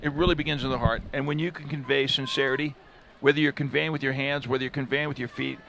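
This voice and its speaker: A man's voice: medium pitch, steady tone, fast talker, creaky, a bit bright, lo-fi sound, a little hiss or hum. A man calling a live football match from a commentary booth, chatting between plays. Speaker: play-by-play commentator. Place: stadium commentary booth with air conditioner.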